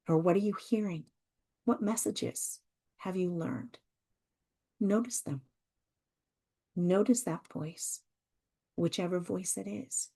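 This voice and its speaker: A woman hosting a self-help podcast, talking gently and reassuringly and repeating her phrases. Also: mid-range voice. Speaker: podcast host.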